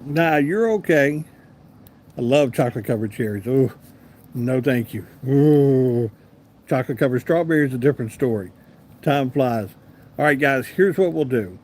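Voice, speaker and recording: A man's voice: medium pitch, animated, normal speed, darkish tone, slight background noise. A man with a Southern US accent hosting a casual live stream, chatting easily and answering viewers by name. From American South. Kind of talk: casual live chat reading comments.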